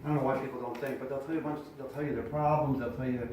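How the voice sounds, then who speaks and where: A middle-aged male pastor giving casual, chatty advice to other preachers, sometimes projecting loudly from the diaphragm. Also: mid-range voice, fairly even intonation, rapid-fire. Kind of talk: informal teaching talk to preachers. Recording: echoey room, mic at a distance, faint noise.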